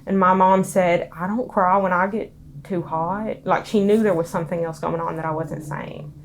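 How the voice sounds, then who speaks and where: A young woman with a Southern US accent, crying as she recounts a painful memory in a halting, soft-spoken interview. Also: fairly low pitch, steady tone, a little hiss or hum. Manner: halting, soft-spoken, many pauses and restarts. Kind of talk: emotional personal testimony.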